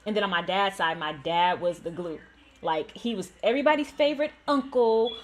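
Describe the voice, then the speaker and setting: A woman's voice: mid-range voice, normal speed. A young woman, host of a gaming channel, telling a painful personal story candidly, with many "like" fillers.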